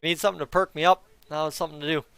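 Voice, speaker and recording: A man hosting a live fan reaction stream, excitable and chatty, sometimes counting down the clock in an auctioneer patter. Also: on the high side, racing, gravelly, smooth, dry recording.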